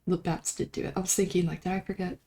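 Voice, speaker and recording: A woman's voice: on the low side, little pitch movement, fast talker, dark tone. Chatty young woman streamer. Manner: rambling, chatty, self-deprecating. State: slight sore throat. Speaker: livestream host. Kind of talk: casual chat.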